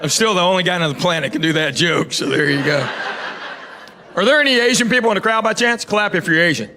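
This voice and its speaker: Southern-drawling middle-aged comedian on stage. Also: male voice, sits high, fast talker. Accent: East Tennessee Southern. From Knoxville, Tennessee, US. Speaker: stand-up comedian. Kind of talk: stand-up comedy set. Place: theater stage before a live audience. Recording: echoey live venue with audience noise.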